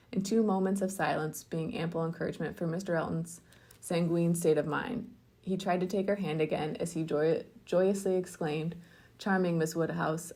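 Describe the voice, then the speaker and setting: A woman librarian reads a classic novel aloud in a measured, even storytelling manner. Her voice sits low, with a gravelly fry at the ends of phrases. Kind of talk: audiobook reading of a classic novel.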